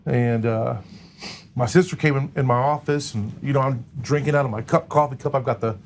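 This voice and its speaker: A man's voice: medium pitch, fairly even intonation, a little fast, a little hiss or hum. Earnest man, guest on a podcast. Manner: earnest, hesitant with many fillers. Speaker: guest, recovery organization leader. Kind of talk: casual chat.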